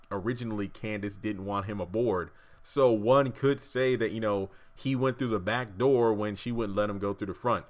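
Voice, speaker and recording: Rambling man with a lowish voice. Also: fairly bright tone. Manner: rambling, self-correcting, wry asides. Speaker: YouTube TV commentator. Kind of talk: casual fan theory commentary.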